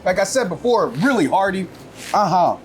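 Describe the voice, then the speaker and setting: A young man hosting a food show, tasting dishes with excitable, hyped reactions and casual banter. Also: sits high, normal speed, a little hiss or hum.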